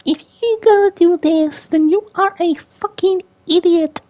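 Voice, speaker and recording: A man puts on a squeaky, whiny young boy gamer's voice, pitched very high above his own. The voice is loud and exaggerated in a mocking way. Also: measured pace.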